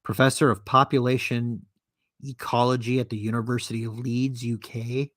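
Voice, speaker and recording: A man's voice: mid-range voice, flat delivery, normal speed, a bit bright, no echo, studio quality. A man hosting a podcast and ranting alone, sarcastic, profane and indignant as he reads from and mocks an article. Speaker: podcast host. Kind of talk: solo commentary rant.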